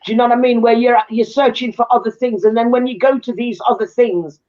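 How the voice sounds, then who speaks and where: A woman's voice: a little high, steady tone, fast, darkish tone, lo-fi sound. A woman guest in a casual chat, talking earnestly and repeating her points.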